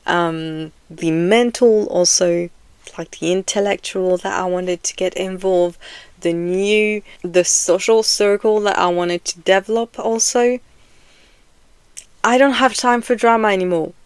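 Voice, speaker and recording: Woman vlogger, unhurried delivery, dry close sound, frank and rambling, lots of fillers. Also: mid-range voice, fairly even intonation, clean tone, no room sound. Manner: frank, rambling, heavy with fillers like "you know"; laughs often between phrases. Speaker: video essay vlogger. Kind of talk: casual direct-to-camera talk.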